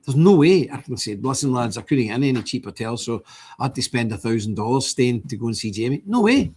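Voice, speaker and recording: A man's voice: mid-range voice, fast, a little mellow, breathy edge. An older man, hosting a livestream and talking to his viewers in an indignant, rambling way, repeating himself as he goes. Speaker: livestream host.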